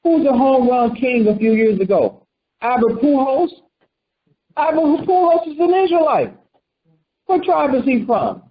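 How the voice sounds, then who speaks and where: A man's voice: extremely high pitch, very animated, a little slow, long pauses. A man preaching a conversational sermon, quizzing his listeners and acting out quotes. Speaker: preacher teaching a congregation. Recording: dull lo-fi recording.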